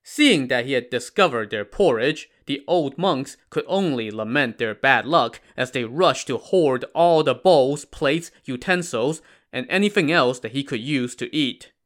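A man narrating a retelling of a classic novel in a measured way, with wry asides. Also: mid-range voice, lively intonation, fairly bright tone. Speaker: storyteller.

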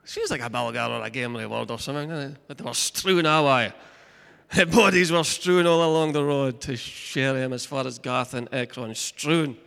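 A male pastor preaching a sermon, reading scripture and telling the story with lively asides to the congregation. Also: medium pitch, normal speed, vocal fry, clean tone, in a large hall.

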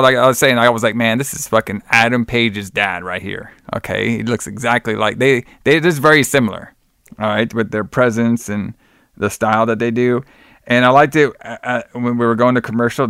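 A young man chats loosely about old wrestling broadcasts, piling up fillers and curse words. His voice is smooth and clear. The sound is dry and close to the mic. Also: mid-range voice, fairly bright tone, no echo. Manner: profane, rambling, says "brother" and "like" a lot. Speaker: podcast co-host. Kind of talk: casual chat recapping old wrestling shows.

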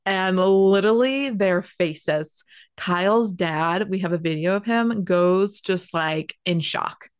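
A young woman with a fairly low-pitched voice tells a personal story in a chatty, animated way. She fills her sentences with "like" and runs on eagerly from one detail to the next. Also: slow, clear, resonant tone. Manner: animated, chatty, heavy use of "like".

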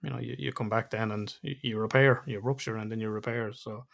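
A man's voice: lowish voice, steady tone, brisk, vocal fry. A middle-aged man, hosting a podcast in casual chat, candid and reflective, swearing freely. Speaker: podcast host.

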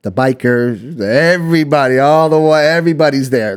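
A man with a Canadian accent, a podcast guest telling stories in casual chat, animated and full of "you know what I mean". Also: fairly high pitch, brisk, hardly any pauses, clean tone. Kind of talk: casual storytelling.

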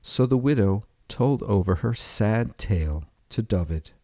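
A man narrating a storybook tale in a steady, even way. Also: lowish voice, unhurried, dry recording, studio quality.

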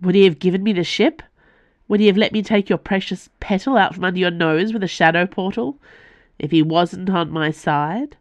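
A woman's voice: lowish voice, normal speed, no room sound, pitched above the performer's own voice, close to an everyday voice. A woman voicing a furious young male assassin whose voice trembles with anger as he accuses a former mentor. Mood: angry.

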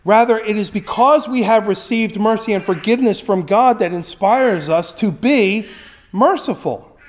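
A male pastor preaching a sermon in a conversational way and often checking in with the listeners. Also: sits high. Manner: conversational, with frequent tag questions.

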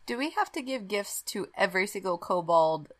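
A woman's voice: mid-range voice, lively intonation, normal speed. A woman playing a tabletop game, speaking casually and hesitantly, as if thinking aloud. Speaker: player.

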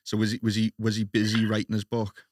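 A man's voice: lowish voice, completely flat delivery, fast talker, dry recording, clean studio sound. A man with a Scouse accent hosting a podcast interview, friendly and chatty, often laughing at his own slips. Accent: Liverpool Scouse. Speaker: podcast host.

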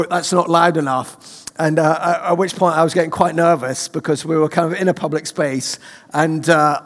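A man's voice: on the high side, big-room sound. A British man preaching a sermon, telling a personal story with humour. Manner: humorous, animated storyteller. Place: church.

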